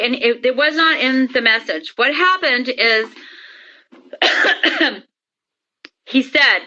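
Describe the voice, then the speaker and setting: A woman interview guest telling her story in a lively way and acting out the dialogue. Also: high voice, muffled recording. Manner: lively, acts out quoted dialogue. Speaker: interview guest, paranormal experiencer. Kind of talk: animated storytelling.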